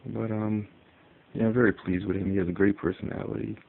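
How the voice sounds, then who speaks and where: A man's voice: on the low side, flat delivery, a little fast, gravelly, a little hiss or hum. A man from Connecticut rambling casually about his pet in a phone-recorded vlog, with many fillers. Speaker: pet owner. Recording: tinny phone audio with faint ambience.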